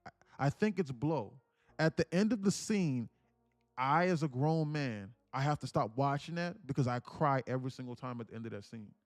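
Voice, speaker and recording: A man's voice: mid-range voice, expressive, normal speed, no room sound. A young man telling an emotional story on a live stream, earnest and preachy, repeating himself, swearing casually and near tears. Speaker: day trading streamer.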